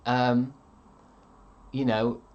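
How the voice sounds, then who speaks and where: Deadpan man streamer. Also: medium pitch, extremely slow, muffled recording. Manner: deadpan, sardonic, swearing often. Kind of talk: casual chat reading viewer comments.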